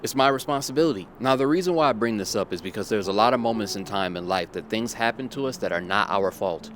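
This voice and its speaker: A man's voice: fairly low pitch, lively intonation, fast, fairly bright tone, a little hiss or hum. A man telling a personal story in a motivational monologue, emphatic and repeating his key points to drive them home. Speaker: motivational vlogger.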